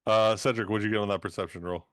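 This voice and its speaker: Bright, crisp game master man. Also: fairly low pitch, steady tone. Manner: slow, descriptive scene-setting. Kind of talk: narrating a tabletop game.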